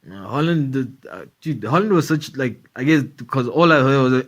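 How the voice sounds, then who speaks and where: A man's voice: mid-range voice, lively intonation, moderate pace, a bit bright. A man hosting a casual comedy podcast, rambling and profane, with lots of fillers. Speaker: podcast host.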